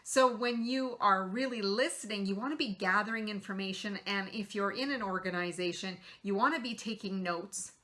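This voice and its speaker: A middle-aged woman hosts a motivational talk, earnestly coaching her audience with practical tips and rhetorical questions. Her voice is bright and clear at a medium pitch. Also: normal speed, hardly any pauses. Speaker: host.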